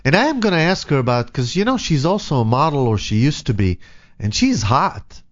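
A man hosts a talk show with a jokey, self-mocking manner and frequent laughs. His pitch swings widely as he talks. The sound is slightly dull and lo-fi. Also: big pitch swings, fairly quick. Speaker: radio show host. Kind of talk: casual on-air banter.

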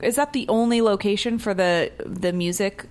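A woman co-hosting a morning talk show, chatting in a lively, casual way, full of "like" and "you know.". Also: mid-range voice, normal speed. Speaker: radio show co-host.

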